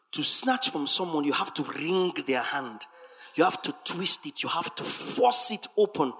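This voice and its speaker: Forceful, husky preacher in a reverberant hall. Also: medium pitch. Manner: emphatic, repetitive, swings from soft asides to shouted sing-song refrains. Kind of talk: sermon.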